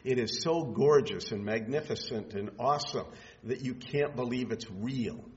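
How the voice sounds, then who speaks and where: Man preaching in a reverberant hall. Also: mid-range voice. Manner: measured, emphatic preaching with pauses. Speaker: pastor. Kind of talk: sermon. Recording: muffled sound in a reverberant hall.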